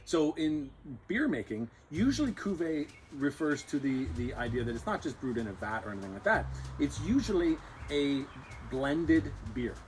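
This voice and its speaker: Playful man, lively swooping voice. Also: fairly high pitch, normal speed, a little hiss or hum, rough recording. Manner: playful, jokey, explains with many restarts. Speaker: co-host. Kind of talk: casual beer-tasting chat.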